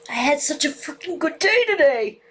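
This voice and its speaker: A woman's voice: high voice, animated, normal speed, a bit bright, a little hiss or hum. A woman hosting a casual livestream chat, frustrated and near tears, swearing constantly as she talks to viewers from a room at home. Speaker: livestream host. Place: home room with ceiling fan.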